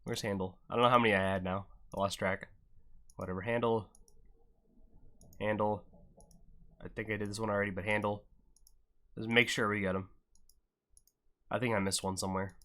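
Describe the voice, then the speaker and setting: Young male stream host; bright, punchy tone, loose joking commentary, pokes fun at himself. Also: on the low side, level tone, normal speed, pauses often. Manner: joking banter with chat, self-deprecating. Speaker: livestream host and event commentator. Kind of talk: casual live-stream commentary.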